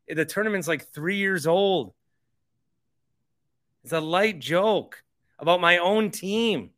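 A man's voice: on the high side, fairly bright tone. A male sports radio host reacting to a caller, stammering and incredulous, with frequent repeated words.

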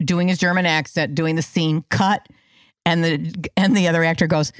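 A woman's voice: low-pitched, steady tone, normal speed, dry recording, studio quality. A middle-aged woman co-hosting a casual chat, rambling through stories and restarting her sentences mid-thought.

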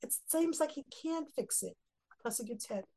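A woman's voice: high voice, expressive, normal speed, mellow, low-quality recording. A woman teaching a Torah lesson, reading Hebrew verses and explaining them earnestly. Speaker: Bible teacher.

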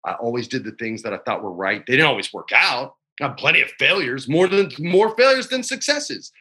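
Bright-voiced man telling a story. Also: mid-range voice, lively intonation, brisk, husky. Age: 40s. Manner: emotional, choked up while storytelling; laid-back, says man and dude a lot. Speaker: actor guest. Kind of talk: casual interview chat. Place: his home.

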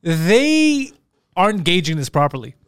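A man's voice: high-pitched, big pitch swings, smooth. A man joking around in casual banter with friends, throwing in mocking one-liners. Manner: quick joking interjections, mocking asides.

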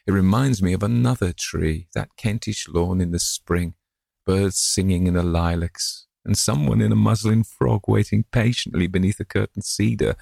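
A man as a wistful old gentleman. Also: low voice, moderate pace, gravelly, dry recording, clean studio sound, voice pushed up, full character voice. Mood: fond. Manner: wistful, musing aloud. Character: dreamy old gentleman, tender, tree-loving.

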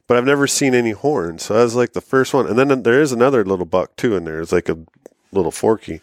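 A man's voice: medium pitch, animated, quick pace, dry recording, studio quality. A man chatting on a hunting podcast in a loose, hesitant way, filling his sentences with "like". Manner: loose and hesitant, says "like" constantly. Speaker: podcast co-host. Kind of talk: casual hunting chat.

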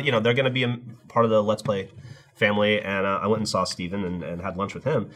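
A man's voice: on the low side, very fast, a bit bright. A man hosting a casual group podcast, telling stories, quoting others and swearing freely. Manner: storytelling, quotes others in voices, swears freely. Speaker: podcast host.

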